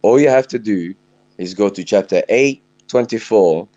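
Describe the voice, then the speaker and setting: A man with a fairly low voice argues his case in a heated online voice-chat debate. He talks insistently, pushing to finish his point. His voice sounds dry and close, with no room around it. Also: normal speed, dark tone, no room sound, lo-fi sound. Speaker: debate participant reading verses.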